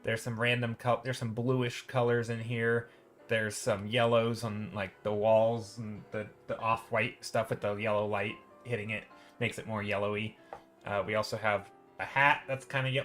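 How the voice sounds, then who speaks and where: A man's voice: mid-range voice, steady tone, moderate pace, fairly bright tone, faint music behind. A man live-streaming while painting digitally, chatting casually and thinking aloud as he greets viewers in chat.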